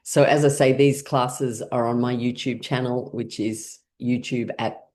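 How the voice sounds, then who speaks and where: A woman's voice: extremely low pitch, steady tone, a little slow, a little mellow. A woman teaching an online laughter class, guiding playful pretend scenes and breaking into frequent bursts of laughter. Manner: playful, leading imaginary scenarios.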